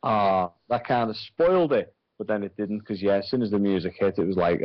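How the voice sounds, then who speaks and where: A man's voice: fairly low pitch, fairly quick, hardly any pauses, dry recording. A man co-hosting a radio show, giving blunt, opinionated takes in casual chat. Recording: dull dry sound.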